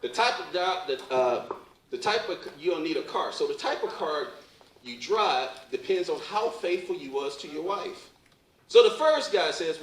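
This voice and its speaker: Lively stand-up comedian man, roomy stage. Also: fairly high pitch, moderate pace. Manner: loose, joking, asks the crowd questions. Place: live comedy club stage. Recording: roomy live venue from far off.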